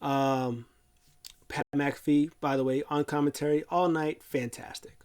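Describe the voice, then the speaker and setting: A man's voice: fairly high pitch, fairly even intonation, measured pace, a little mellow, smooth. A man hosting a casual wrestling recap, retelling events in a rambling, chatty way. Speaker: host.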